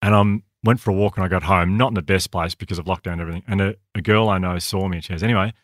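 A man's voice: low-pitched, steady tone, no room sound, clean studio sound. An Australian man co-hosting a podcast, earnestly telling a personal story in a candid, conversational way. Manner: earnest, talks quickly with restarts. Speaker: podcast co-host.

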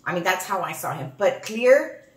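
A woman from Texas in her forties, co-hosting a family channel and telling a ghost story in casual chat, animated and repeating herself. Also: medium pitch, normal speed. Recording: echoey room.

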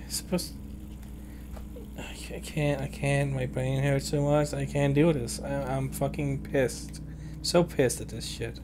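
Over faint game music and a noisy background, a young woman with a very deep voice provides let's play commentary. Exasperated by a puzzle, she mutters to herself and curses in frustration.

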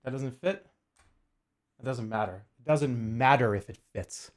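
A man's voice: mid-range voice, unhurried. A man streaming casually, joking and swearing freely, arguing with his chat and muttering while he works on a jigsaw puzzle.

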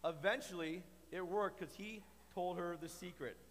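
Brief: high-pitched male kids' church teacher, playful storyteller, echoey hall sound. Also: moderate pace, slight background noise. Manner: playful, animated, asks the kids questions. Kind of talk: kids' Bible lesson.

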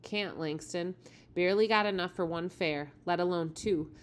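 A woman voicing a firm, hurried working father in a read-aloud storybook, speaking a bit louder. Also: fairly low pitch, natural voice.

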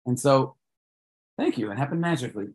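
A man hosting a children's prayer event, telling a story with dramatic swings between loud and soft. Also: mid-range voice, expressive, fairly quick, husky. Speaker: host leading children in prayer.

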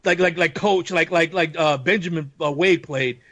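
A man with a high voice talks in a loose, animated podcast chat, laughing easily and jumping into playful voices for quotes. The recording is close and dry, with little room sound. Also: normal speed, no room sound. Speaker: podcast guest. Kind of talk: casual chat.

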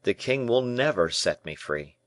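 A man's voice: medium pitch, animated, normal speed, no echo, pitched above the performer's own voice, natural voice. Young captive, raised pleading voice, despairing, read by a man for an audiobook. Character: anguished young male royal prisoner.

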